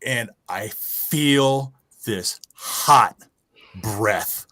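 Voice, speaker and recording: A man casually telling a profane, animated ghost story from his Navy days. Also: fairly low pitch, extremely slow. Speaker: guest storyteller.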